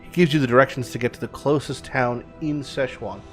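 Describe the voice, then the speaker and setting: Male game streamer, mid-pitched, jokey, reads story text aloud. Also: a little fast, fairly bright tone, faint music behind. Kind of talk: casual gameplay commentary.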